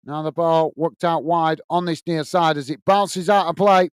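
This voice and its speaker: Chirpy guy doing live footy watchalong, high smooth voice, dry close sound, reads chat and calls the game. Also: steady tone, moderate pace, dry recording. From United Kingdom. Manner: upbeat, reads out viewer messages and calls the play. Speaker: watch-along host. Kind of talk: live football commentary and chat reading.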